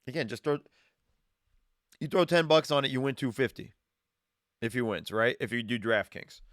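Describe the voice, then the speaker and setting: A man's voice: mid-range voice, moderate pace, fairly bright tone, no room sound, studio quality. Chatty man streaming from his garage. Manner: rambling, self-correcting, chatty. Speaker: streaming show host. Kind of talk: casual sports betting talk. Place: home garage with wood paneling. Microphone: streaming setup, green screen.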